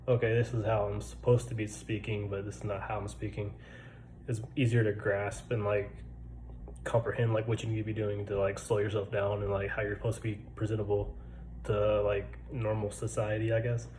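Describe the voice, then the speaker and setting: A man's voice: lowish voice, warm tone, slight background noise, low-quality recording. Laid-back stuttering man in his twenties. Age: 20s. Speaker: vlogger. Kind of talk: casual personal storytelling. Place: military barracks room.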